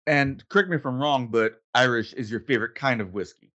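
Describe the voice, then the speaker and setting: A man's voice: mid-range voice, fairly quick, sharp tone, highs cut off. A man hosting a casual podcast, chatting in a playful, teasing way with his co-host. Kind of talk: casual chat.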